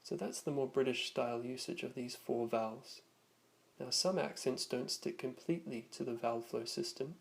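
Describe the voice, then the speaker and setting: A man teaching a lesson, narrating from a script and slowly demonstrating vowel sounds. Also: medium pitch, creaky.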